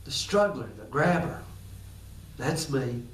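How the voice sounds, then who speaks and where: A man voicing a humbled old man who confesses his scheming in a low, hushed whisper. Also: expressive, slow, a little hiss or hum. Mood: confessing. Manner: broken, confessional. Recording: echoey room, distant mic.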